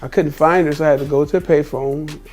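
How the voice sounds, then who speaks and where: A man's voice: fairly high pitch, steady tone, fast, darkish tone, faint music behind. A man in his fifties, a travel vlogger, telling stories in a casual monologue, emphatic and repetitive, acting out the dialogue as he goes.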